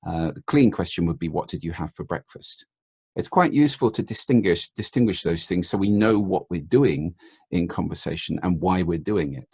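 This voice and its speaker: A man speaks as an interview guest in a very low register, his voice gravelly with a husky edge. He explains in a measured, patient way and shows intonation with his own voice. The sound is dry and close. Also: darkish tone, dry recording. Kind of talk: podcast interview.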